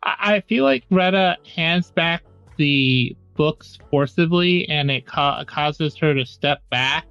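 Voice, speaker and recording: A man's voice: a little high, slow, hardly any pauses, a bit bright, clean tone, no echo, dull audio, faint music behind. A man playing a tabletop role-playing game, eagerly explaining his character's moves. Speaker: player.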